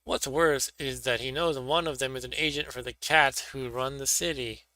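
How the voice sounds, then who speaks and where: A man's voice: mid-range voice, fairly even intonation, normal speed, sharp tone, no room sound. A man hosting a stream, reading a gamebook aloud and joking casually between passages. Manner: offhand, joking. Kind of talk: casual chat and read-aloud narration.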